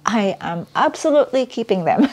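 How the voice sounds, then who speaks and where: A woman vlogger chatting casually as she unboxes a gift, excitable and giggly, gushing as she goes. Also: fairly high pitch, normal speed.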